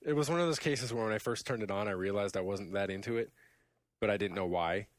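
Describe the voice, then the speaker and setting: A man in casual podcast chat who tells his gaming stories with plenty of laughter. He bursts into loud imitations of game taunts and then drops back to easy talk. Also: fairly low pitch, fast talker, dry recording. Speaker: podcast host.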